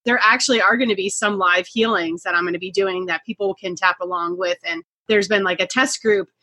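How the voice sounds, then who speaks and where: Female podcast host, effusive, leading questions; bright tone, dry recording. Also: mid-range voice, fairly even intonation, brisk, dry recording. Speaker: podcast host and energy healer. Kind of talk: conversational podcast interview.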